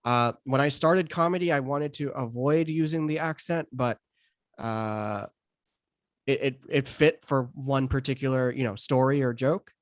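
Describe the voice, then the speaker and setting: A man's voice: medium pitch, a little slow, dry recording. Thirties American male comic, conversational podcast guest, stops and restarts a lot, dry close sound. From United States. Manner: hesitant, many restarts and fillers. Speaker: stand-up comedian guest.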